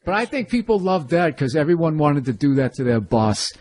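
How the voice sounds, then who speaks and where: A middle-aged man, a comedian guest, talking in animated, swearing, rambling rants. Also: a little high, fairly quick. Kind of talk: casual interview chat.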